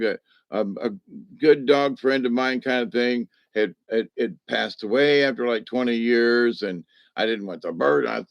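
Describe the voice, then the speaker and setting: A man's voice: mid-range voice, unhurried, vocal fry, dry recording, highs cut off. A man telling a personal story in a casual, rambling way, folksy and meandering, with homespun slang.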